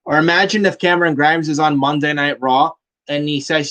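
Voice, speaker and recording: A man's voice: on the high side, steady tone, a little fast, sharp tone. A man hosting a casual wrestling review, blunt and fond of swearing, with "man" tacked onto many lines. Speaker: podcast host.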